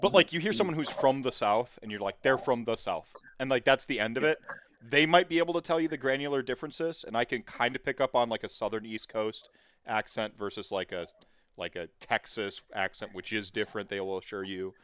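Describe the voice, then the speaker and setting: Rambling, animated American man hosting a stream. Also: mid-range voice, brisk, clear, resonant tone. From United States. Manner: rambling, animated, heavy use of filler words. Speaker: livestream host. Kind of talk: casual chat on a charity stream.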